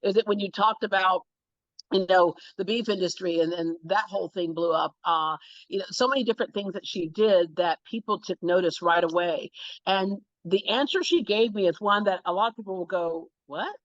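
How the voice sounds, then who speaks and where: Animated woman telling interview stories. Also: medium pitch, moderate pace, no room sound, lo-fi sound. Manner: animated, acts out quotes in different voices. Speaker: guest, TV talk show host. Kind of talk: storytelling interview chat.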